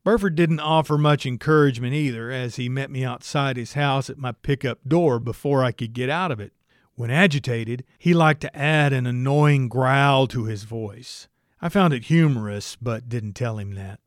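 A man's voice: mid-range voice, normal speed, no echo. A man narrating a story in the first person, with a wry, dry storytelling manner. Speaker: audiobook narrator.

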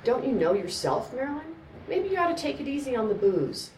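A woman's voice: sits high, big pitch swings, fairly quick, a little mellow, a little hiss or hum, voice pushed up. A woman doing a bland older bartender. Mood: dry. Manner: bland, dry. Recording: roomy, distant mic, faint ambience.

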